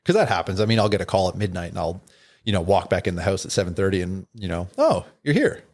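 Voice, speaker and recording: A man with a fairly low voice, a doctor sitting in as a podcast guest. He talks in a relaxed, easy way, stumbling through restarts and fillers as he explains. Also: racing. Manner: laid-back, explains with frequent restarts and fillers. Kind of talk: casual podcast chat.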